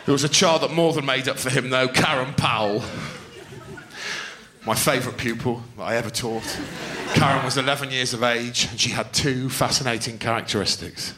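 A middle-aged man telling stand-up stories, sweary and animated, often laughing. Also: mid-range voice, normal speed, echoey room, a crowd in the background. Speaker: stand-up comedian. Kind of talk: stand-up storytelling.

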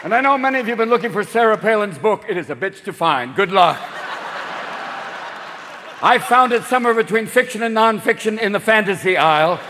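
A male stand-up comedian works the room with a high voice that leaps all over the place. He talks in a rapid, manic rush and keeps slipping into character voices. The recording carries a long echo and a loud, laughing audience behind him. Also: expressive, background noise. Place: live comedy club stage. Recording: echoing venue, loud crowd laughter.

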